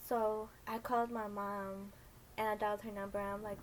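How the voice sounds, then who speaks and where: A woman's voice: mid-range voice, monotone, brisk, a little hiss or hum, rough recording. A young woman in her twenties telling a story casually, rambling with lots of fillers and acting out the people in it. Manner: rambling, many fillers, acts out voices. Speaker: storytime vlogger.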